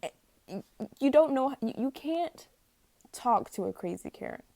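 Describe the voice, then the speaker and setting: A woman's voice: high voice, lively intonation, unhurried, gravelly, mellow, no room sound. A young woman ranting casually to camera, rambling and exasperated, stumbling over words and laughing at herself. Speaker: vlogger.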